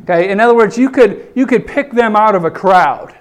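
Man, preacher, high voice, folksy sermon, says "okay" a lot. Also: a little fast. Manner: folksy, repeats "okay" often; animated, acts out scenes in raised voice. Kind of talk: sermon with Bible reading.

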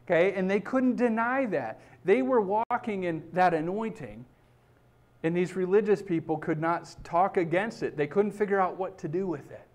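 A man's voice: high voice, normal speed, darkish tone. Emphatic pastor, a man preaching. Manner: emphatic, repeats "okay?" to the congregation. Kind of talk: sermon.

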